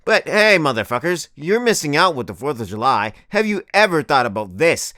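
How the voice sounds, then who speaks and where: A man's voice: a little high, big pitch swings, fairly quick, pushed and bright, no room sound, studio quality. A young man in his twenties doing a crude, exasperated comedic rant as a vlogger.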